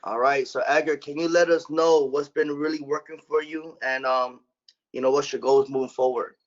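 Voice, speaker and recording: A man's voice: on the high side, fairly even intonation, moderate pace. A man running a sales team meeting over a call, blunt and casual, swearing now and then. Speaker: sales manager. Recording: dull lo-fi call audio.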